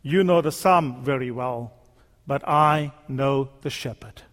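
A man's voice: medium pitch, slow, fairly bright tone, voice pushed down. A man voicing a frail, humble old man who speaks in a broken voice, in a reverberant hall.

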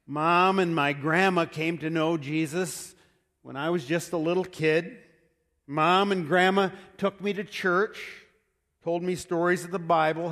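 A man's voice: sits high, a bit bright. A man playing a nervous young man who stumbles and hesitates through his testimony, with long hall reverb.

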